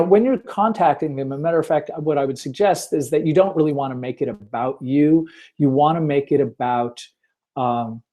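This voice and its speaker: A man's voice: on the high side, mellow. A man hosting a casual webinar, chatty and self-deprecating, with lots of fillers as he tells stories. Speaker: webinar host. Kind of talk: casual webinar talk with storytelling.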